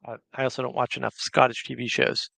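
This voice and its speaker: A man's voice: mid-range voice, little pitch movement, fast, vocal fry, sharp tone, no echo. A man hosting a casual livestream, chatting and reading viewer comments aloud. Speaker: livestream host.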